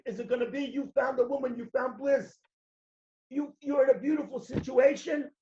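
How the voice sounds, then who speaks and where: Animated rabbi telling stories, roomy lo-fi. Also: male voice, very high voice. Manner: animated storyteller, acts out voices, shouts at peaks. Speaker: rabbi giving a talk. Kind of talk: sermon with stories. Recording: roomy, dull lo-fi recording.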